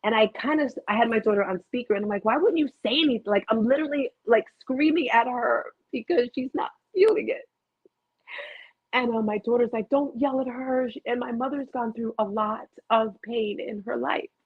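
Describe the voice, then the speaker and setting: A woman's voice: fairly high pitch, moderate pace, breathy edge, no room sound. A middle-aged woman hosting a rambling live motivational talk, chatty and prone to tangents, telling stories animatedly into her computer webcam at home. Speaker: motivational host. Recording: tinny phone-like dry audio.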